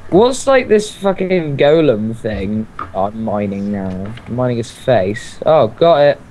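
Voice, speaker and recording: A young man co-hosting a let's play, excitable and quick to swear. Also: medium pitch. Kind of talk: casual gaming chat. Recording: slightly dull lo-fi mic with faint noise.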